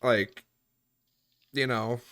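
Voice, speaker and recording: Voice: medium pitch, very slow. A podcast host chatting casually and telling work stories, swearing freely and acting out the people in them. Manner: animated storyteller, swears freely, voices people in the story. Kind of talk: casual podcast chat and storytelling. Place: room at home on a voice chat.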